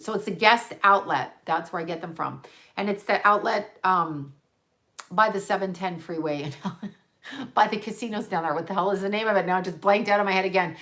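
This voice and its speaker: A woman's voice: mid-range voice, a bit bright. A woman hosting a casual livestream, rambling and chatty in a conspiratorial way. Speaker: livestream host.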